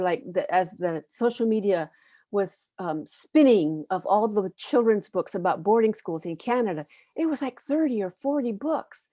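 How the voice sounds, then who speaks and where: Speaking as a panelist and educator from the United States, this woman talks about children's books thoughtfully and sincerely, stopping often to find the right word. Her voice is medium-pitched and mellow, and the recording has no echo.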